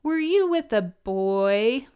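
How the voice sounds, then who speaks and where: Woman reading as a prying young guy friend in a memoir audiobook, smooth voice, asks a lot of questions. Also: fairly high pitch, animated, slow pace, darkish tone. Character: young man, a friend, nosy and teasing.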